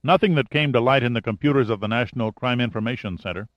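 Male narrator playing a relaxed investigator on the phone, dull lo-fi recording. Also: mid-range voice, fast talker, dry recording, natural voice. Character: friendly male private investigator.

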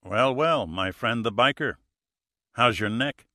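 A man voicing a calm, sardonic male adventurer who speaks firmly. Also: mid-range voice, a little slow, dry recording, studio quality.

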